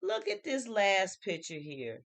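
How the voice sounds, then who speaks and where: A woman's voice: medium pitch, huge pitch swings, a little slow, gravelly, fairly bright tone. A woman hosting a casual reality TV commentary vlog, emphatic and repetitive, speaking with slang. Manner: emphatic, repeats phrases, uses slang. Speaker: show host reviewing reality TV.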